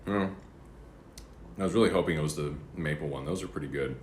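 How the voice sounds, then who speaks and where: Very deep-voiced man chatting over breakfast. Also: a little fast, slight background noise. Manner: rambling, chatty, eating between words. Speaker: livestreamer. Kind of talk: casual chat. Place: apartment room. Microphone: streaming setup. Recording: roomy apartment echo.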